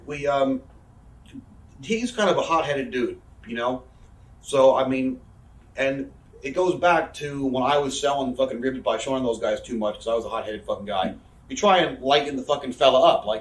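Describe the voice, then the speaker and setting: A man's voice: mid-range voice, moderate pace, recorded from a distance. A man, telling rambling, profane backstage stories in a casual interview. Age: 30s. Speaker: interview guest, wrestler. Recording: echoey room, off-mic.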